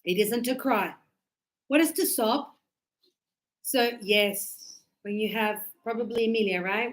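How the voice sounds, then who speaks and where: A woman teaching a pronunciation lesson, with a voice on the higher side. She talks slowly and deliberately. She acts out the examples with energy and keeps checking that the class understands. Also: poor audio. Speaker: English teacher.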